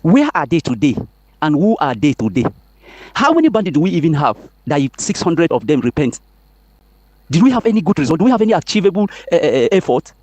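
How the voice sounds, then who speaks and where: A man's voice: fairly high pitch, sing-song, fast, darkish tone, no room sound. A man with a Nigerian accent, asking pointed questions in a voice note to a radio show. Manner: questioning, emphatic. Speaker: caller.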